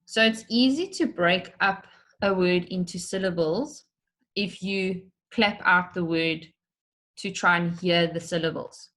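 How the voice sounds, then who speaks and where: A woman teaches young children in an unhurried, careful way. Her voice sits a little low. She explains step by step and stretches words out so each syllable comes through. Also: a bit bright. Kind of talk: slow, patient online lesson for children.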